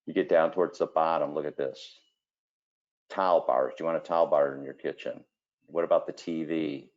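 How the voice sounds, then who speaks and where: A kitchen designer talking through a screen-share presentation, telling folksy stories and filling gaps with 'okay' and 'you know'. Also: male voice, very deep voice, fairly even intonation, a little fast, lo-fi sound. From Cleveland area, Ohio.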